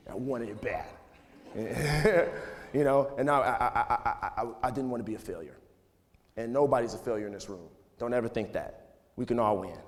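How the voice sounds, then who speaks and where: A man in his thirties speaks at an ordinary pitch, loose and conversational, his sentences strung together with "you know" and "like". He addresses a crowd from a school auditorium stage. His voice trails off into a long hall reverb. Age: 30s. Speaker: guest speaker. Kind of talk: casual talk to a live audience.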